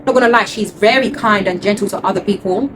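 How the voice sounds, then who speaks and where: A woman's voice: medium pitch, quick pace, background noise. A woman, telling a heartfelt personal story to her viewers in an earnest way and repeating words for emphasis. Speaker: vlogger.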